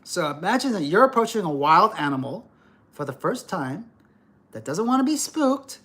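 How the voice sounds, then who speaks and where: Animated, ranting middle-aged man. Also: sits high, normal speed. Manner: ranting, profane, lecturing. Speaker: livestream host. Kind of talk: livestream rant.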